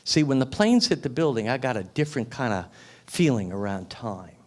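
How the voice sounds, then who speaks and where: A man's voice: mid-range voice, sing-song, moderate pace. Emphatic male motivational speaker. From United States. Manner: emphatic, repeats phrases for effect, teasing audience. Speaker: guest speaker. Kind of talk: motivational speech. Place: restaurant event room.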